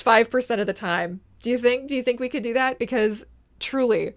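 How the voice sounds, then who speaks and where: A woman in her thirties talking casually to camera as a vlogger, animated and emphatic, swearing freely and arguing back at herself. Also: on the high side, normal speed. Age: 30s.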